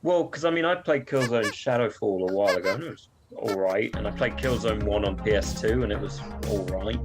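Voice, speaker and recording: A man's voice: lowish voice, fairly quick. Male co-host, dry jokey banter, music faint in background. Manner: wry, jokey, does silly cockney bits. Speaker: co-host on a watch-party stream. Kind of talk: casual banter over a livestream.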